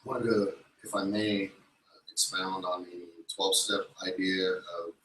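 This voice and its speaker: A man's voice: low voice, flat delivery, a little slow, bright, forceful tone. Polite, formal man speaking from across the hall. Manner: polite, formal, careful wording. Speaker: student asking a question. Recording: roomy echo from far off.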